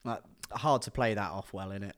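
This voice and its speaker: A man's voice: fairly low pitch, fairly quick, fairly bright tone. A man, co-hosting a podcast in casual chat and dropping dry, sarcastic quips. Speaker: podcast co-host.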